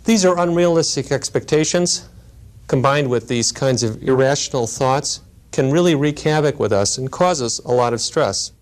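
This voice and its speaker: Measured man giving a lecture. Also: mid-range voice. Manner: measured, explanatory, storytelling asides. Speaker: lecturer on grief and helping work. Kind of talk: recorded teaching lecture.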